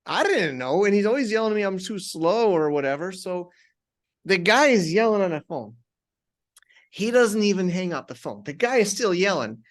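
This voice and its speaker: A man, a podcast guest, telling a personal story conversationally with many restarts and animated retellings. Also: high-pitched, normal speed.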